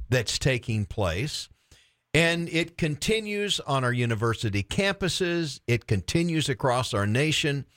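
A middle-aged man from Florida hosts a Christian radio talk show. His voice sits at a middling pitch, and he is warm-hearted in his enthusiasm, laughing often and stumbling over his words as he gets excited. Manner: upbeat, enthusiastic, frequent laughs and restarts.

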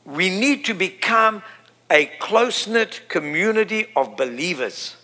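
Impassioned high-voiced male preacher. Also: animated, a little slow, sharp tone. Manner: impassioned, repetitive, rising to emphatic peaks. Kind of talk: sermon.

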